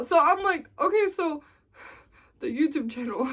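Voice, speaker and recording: A woman's voice: high-pitched, slow pace, pauses often. A young woman vlogger telling a storytime, acting out what people said. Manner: animated storytelling, acts out quotes. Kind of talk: storytime vlog.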